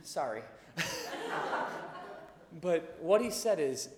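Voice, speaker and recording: A man in his thirties preaching a sermon, telling a story with lively acted-out dialogue and laughing along. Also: a little high, a little slow, pauses often. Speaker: pastor. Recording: long hall reverb.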